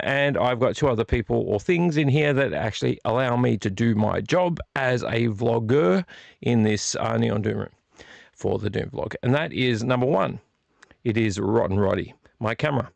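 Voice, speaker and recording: A man chatting loosely on his live vlog, circling back and repeating himself as he goes. His voice has a gravelly rasp, heard dry and close with no room around it. He sits at a middle pitch for a man. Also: expressive, normal speed, dry recording. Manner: rambling and repetitive, apologetic. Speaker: vlog host. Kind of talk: casual late-night live chat. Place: small home studio room.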